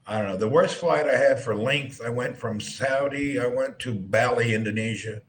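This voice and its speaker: A man's voice: medium pitch, moderate pace, slight background noise. Teasing man hosting a live stream. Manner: teasing, joking banter. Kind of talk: casual live-stream chat.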